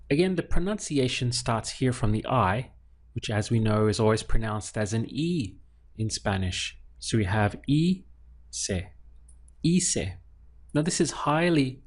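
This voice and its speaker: A man teaching a Spanish lesson, patiently repeating each example word for practice. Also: medium pitch. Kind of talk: slow, deliberate language lesson.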